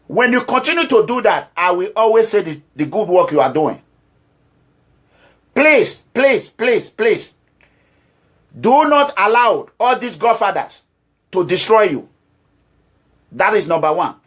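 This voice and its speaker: Here a Nigerian man from Edo State, speaking with a Nigerian accent in an unusually high, piercing voice, delivers an impassioned political address as an activist leader. He swings between scolding and pleading, pressing his points by repeating short phrases.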